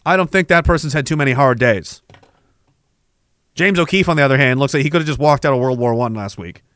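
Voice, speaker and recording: A man riffing casually in a comic bit, animated and giggling often. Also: mid-range voice, no room sound. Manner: animated, giggling, quick to jump into voices.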